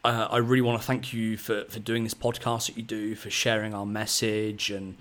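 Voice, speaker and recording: A man in his thirties, a podcast host telling a long story in a rambling, excitable way, full of fillers. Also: on the low side, normal speed. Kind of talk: casual storytelling chat.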